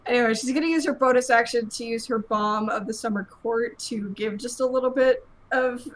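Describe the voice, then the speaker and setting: A woman's voice: on the high side, fairly even intonation, brisk, low-quality recording. A woman playing a tabletop game, chatty and thinking her moves through aloud. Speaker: player. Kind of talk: casual tabletop play.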